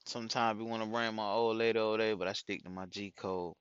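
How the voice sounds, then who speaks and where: This middle-aged dad talks fast in a steady, smooth voice that sits on the low side yet sounds fairly bright. He rambles through profane, casual stories for his followers, saying "man" constantly. The recording is muffled, with no room sound.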